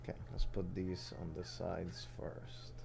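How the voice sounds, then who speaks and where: A man's voice: deep voice, completely flat delivery, measured pace, creaky, music in the background. A man from the southern United States chatting casually on a livestream while building a phone kit, rambling and thinking aloud as he works.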